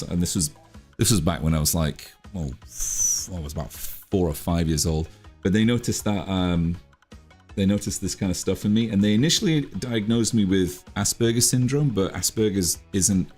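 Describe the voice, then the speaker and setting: A man's voice: sits low, a little mellow. A man streaming his drawing, chatting casually in a rambling, self-deprecating way. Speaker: art streamer.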